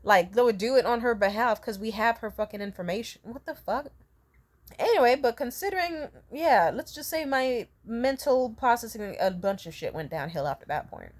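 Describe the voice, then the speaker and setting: A woman's voice: on the high side, animated, a little fast, hardly any pauses, a little mellow. A young adult woman telling a casual storytime vlog, rambling and profane, laughing often between sentences. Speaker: vlogger.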